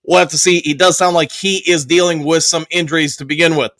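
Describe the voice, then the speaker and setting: A man's voice: on the high side, steady tone, fast, fairly bright tone, no room sound. A male host on a live sports stream, upbeat, reading viewer comments aloud and greeting viewers by name. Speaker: show host.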